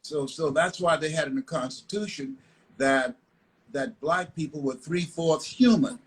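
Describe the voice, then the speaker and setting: A man's voice: fairly high pitch, a little slow, low-quality recording. An older man from the United States, a motivational speaker telling stories in a live online interview, emphatic and repetitive. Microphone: live video call.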